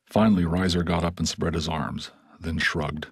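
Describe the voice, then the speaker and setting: A man reads an audiobook in a somber, steady manner. His voice is very deep and strongly husky, recorded dry and close. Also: normal speed, no room sound. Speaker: audiobook narrator. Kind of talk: scripted audiobook narration.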